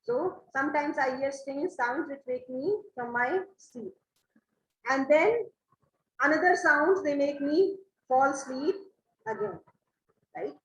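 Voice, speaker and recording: A woman's voice: high-pitched, slow pace. A woman teaching a play, explaining each line patiently and often checking with "right?". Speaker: English literature teacher. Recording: roomy echo, faint background hum.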